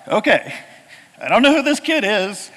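A man's voice: high voice, very animated, normal speed, pushed and bright, big-room sound. A middle-aged man from Oklahoma, a pastor telling a story in a sermon, talking conversationally with frequent "uh" fillers.

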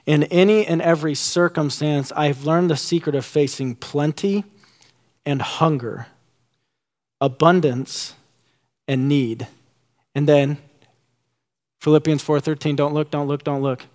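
A male pastor in his thirties preaches with a voice pitched a bit above most men's. He is animated, and his voice climbs high and excited when he acts out the people he quotes. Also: measured pace, long pauses. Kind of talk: sermon.

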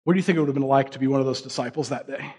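A man's voice: medium pitch, racing, a little mellow, slightly rough. A man giving a casual, conversational sermon, acting out quoted voices with many fillers. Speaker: pastor.

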